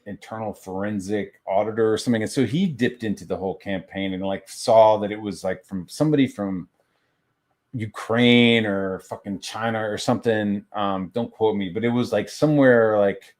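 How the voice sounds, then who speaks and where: A man with a fairly low voice rants on a stream, heated and constantly swearing. He stumbles and restarts as he talks through a grievance, loose and unscripted. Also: fairly even intonation, moderate pace. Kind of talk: profane casual rant on a stream.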